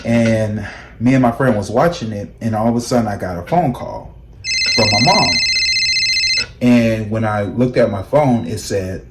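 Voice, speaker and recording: Animated man telling stories, echoey room. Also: measured pace, very noisy. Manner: animated, laughs, acts out quoted voices in high shrieks. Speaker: tarot reader and vlog host. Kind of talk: casual storytelling to viewers.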